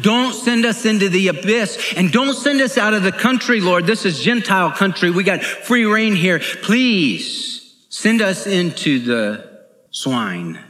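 A man's voice: high-pitched, animated, measured pace, fairly bright tone, voice pushed up. Preacher acting out cowering male demons, begging, in a reverberant room. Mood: pleading. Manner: begging, pleading. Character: frightened pleading male demons begging for mercy. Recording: echoey hall.

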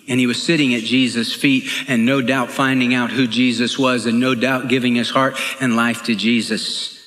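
A man's voice: medium pitch, a bit bright. A male pastor preaching an earnest, emphatic sermon, often repeating his phrases for weight. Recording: echoey hall.

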